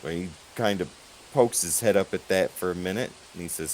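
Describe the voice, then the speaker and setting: A man narrating as game master, relaxed and halting. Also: low voice, a little hiss or hum, low-quality recording.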